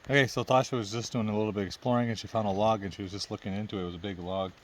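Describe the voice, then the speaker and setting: A man's voice: lowish voice, fairly even intonation, racing. A man from Canada casually narrating his camping vlog outdoors at a lakeside campsite, chatty and easygoing. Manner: chatty, easygoing, laughs often. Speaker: vlogger. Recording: faint outdoor background noise.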